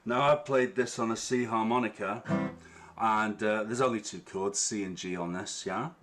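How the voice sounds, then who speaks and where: Chatty harmonica teacher, a man with a lowish voice. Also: fairly even intonation, moderate pace. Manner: chatty, checks in with frequent "yeah?". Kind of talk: online music workshop. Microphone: online stream with latency. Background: guitar playing.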